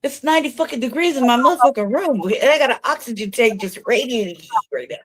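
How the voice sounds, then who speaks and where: A woman's voice: a little high, animated, quick pace, no echo. Profane, laughing woman co-host. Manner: profane storyteller, laughs often. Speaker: co-host of a news talk show. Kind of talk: casual chat. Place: her own room.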